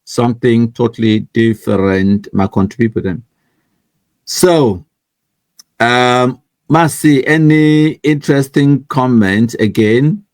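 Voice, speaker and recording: A man's voice: mid-range voice, slow, a little mellow, dry recording. A man with a Cameroonian accent mixing English and Pidgin, hosting a casual live stream and teasing his way through viewers' comments. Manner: chatty and teasing, laughs often, reads viewer comments aloud. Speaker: online news show host.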